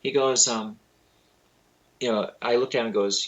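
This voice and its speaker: A man being interviewed as a spiritual teacher. He tells lively anecdotes in a casual way, acts out the people he quotes, and uses loose grammar. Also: mid-range voice, moderate pace, highs cut off.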